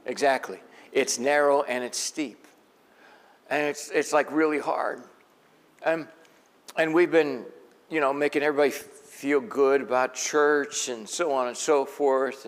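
Folksy male preacher in a big echoing hall. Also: medium pitch. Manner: conversational, folksy, asks the congregation questions. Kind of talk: sermon. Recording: long echo of a large hall.

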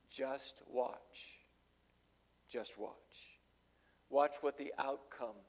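A man's voice: medium pitch, a little mellow. An older man preaching a sermon in a folksy, storytelling way, acting out the voices in his stories. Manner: folksy storytelling, acts out quotes. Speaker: pastor.

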